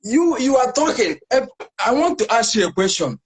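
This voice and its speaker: Nigerian man calling in, high voice, stammers and argues back. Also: very animated, slightly rough. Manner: halting, repeats words, argumentative. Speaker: caller.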